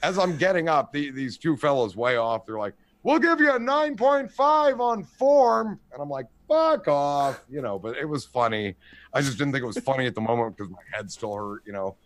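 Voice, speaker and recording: A man's voice: medium pitch, fairly quick. A man in his forties telling rambling, profane stories in casual chat, acting out the people in them. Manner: rambling, profane storyteller, animated voices in quotes. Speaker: podcast host.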